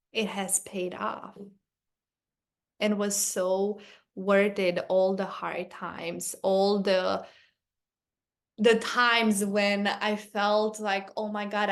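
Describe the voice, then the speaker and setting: Earnest woman host telling a personal story. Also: medium pitch. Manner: earnest and animated, quick bursts when excited. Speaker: podcast host.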